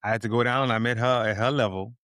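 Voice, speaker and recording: A middle-aged man co-hosting a podcast, telling stories in a relaxed, slangy, animated way. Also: medium pitch, fast, smooth, no room sound, studio quality. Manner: laid-back, animated storytelling with slang. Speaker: podcast co-host. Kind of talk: casual chat.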